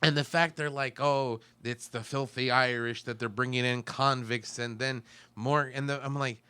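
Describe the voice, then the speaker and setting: A man's voice: medium pitch, fairly even intonation, normal speed, pushed and bright, smooth, no room sound. A man co-hosting a film podcast, talking casually and acting out his own reactions with exclamations. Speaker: podcast co-host.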